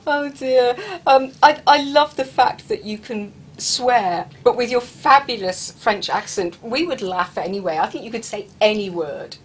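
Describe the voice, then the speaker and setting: A woman's voice: fairly high pitch, measured pace, few pauses, husky, rough recording. A woman with an English accent hosting an interview, asking questions with enthusiasm and small stumbles. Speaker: radio-style show host, interviewer. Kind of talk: interview chat.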